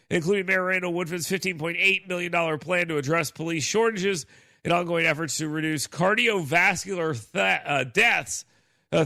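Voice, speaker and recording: Talk radio host, male, sardonic, bright cutting tone, dry studio sound. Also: on the high side, creaky, no echo. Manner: sarcastic, mocking, animated asides.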